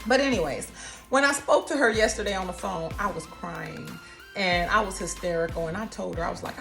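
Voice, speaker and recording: A woman, telling her own cancer story in a casual, expressive, folksy way. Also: medium pitch, normal speed, gravelly, soft background music. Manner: animated, expressive, folksy, calls listeners honey.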